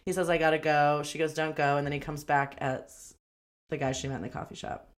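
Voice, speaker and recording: A woman's voice: deep voice, fairly even intonation. A woman co-hosting a podcast, chatting casually about a movie, rambling and laughing as she acts out lines. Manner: chatty, rambling, quick to laugh and act out quotes. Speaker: podcast co-host. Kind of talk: casual movie review chat.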